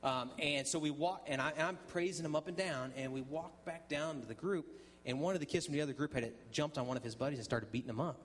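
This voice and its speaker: A man's voice: a little high, fast talker. Man telling a church testimony story. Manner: conversational storytelling with many ums and restarts; acts out dialogue in quoted voices. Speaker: guest speaker sharing testimony.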